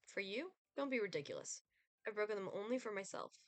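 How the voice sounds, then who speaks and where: A woman's voice: mid-range voice, very animated, a little fast, no room sound, lightly acted. Haughty Grim Reaper from a dating game, formal and chilly, dry close sound, read by a woman. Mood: cold, formal. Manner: cool, clipped, formal speech. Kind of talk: reading game dialogue aloud.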